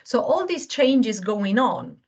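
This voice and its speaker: A woman's voice: on the high side, very animated, slow, a little mellow, husky. Woman, non-native english speaker, webinar guest, earnest explaining, muffled video call audio. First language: not English. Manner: earnest, explains with home examples, searches for words. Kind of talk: explanatory talk. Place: home.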